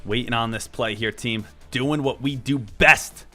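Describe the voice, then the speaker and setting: A man's voice: medium pitch, a little slow, bright, forceful tone, soft background music. A man hosting a live stock trading stream, chatty and upbeat, repeating himself and calling viewers "team". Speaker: stock trading livestream host.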